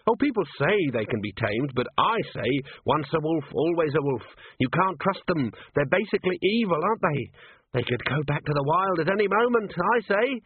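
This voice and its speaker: A man's voice: a little high, sing-song, normal speed, slight background noise, pitched above the performer's own voice. A man reading a story, voicing a young female dwarf who talks earnestly and anxiously. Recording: tinny phone-like recording.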